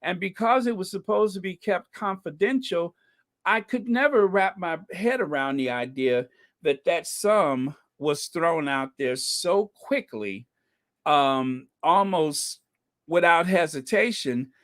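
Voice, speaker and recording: A man's voice: high-pitched, expressive, slow, fairly bright tone. A man hosting a casual live podcast, chatting with viewers, thanking them by name and dropping wry, laughing asides. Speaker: podcast host. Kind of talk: casual commentary on live stream.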